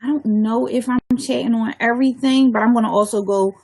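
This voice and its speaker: A woman's voice: fairly high pitch, steady tone, a little fast, creaky, a little mellow. A woman hosting her own live radio talk show, chatting loosely and casually with her listeners.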